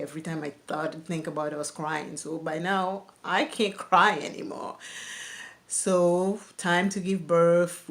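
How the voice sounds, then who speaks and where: Young woman, somewhat low voice, candid personal storytelling, vlog, laughs through painful memories. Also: gravelly. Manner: candid, laughs while telling hard memories. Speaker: vlogger.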